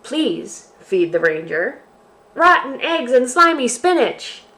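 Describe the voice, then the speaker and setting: A woman hosting a library storytime for children, reading a picture book aloud in an expressive, sing-song way. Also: fairly high pitch, slow pace.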